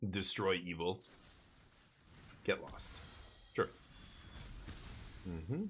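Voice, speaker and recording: A man's voice: low voice, extremely slow, noisy background. A man streaming a card game live, thinking aloud and muttering his plays as he goes.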